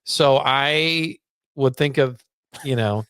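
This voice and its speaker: A man's voice: mid-range voice, slow pace, clean tone, dry recording, clean studio sound. A man co-hosting a casual backpacking chat, telling stories and acting out what he said. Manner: animated storytelling, acts out quotes. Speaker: podcast co-host.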